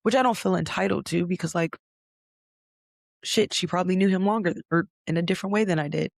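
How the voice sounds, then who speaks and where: Talking at a quick pace in a lowish voice with vocal fry, a young woman hosts a podcast from a clean, dry studio setup. Her personal story comes out candid and conversational, heavy on fillers and with a swear word here and there.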